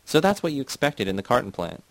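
A man reading a novel aloud as scripted narration, in a steady, measured way. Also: medium pitch, no echo, low-quality recording. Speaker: audiobook reader.

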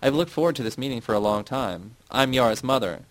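A man's voice: medium pitch, lively intonation, fast talker, dry recording, pitched above the performer's own voice, natural voice. A man reading the lines of a proud, scheming woman who speaks cryptically, in an audiobook. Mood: sly.

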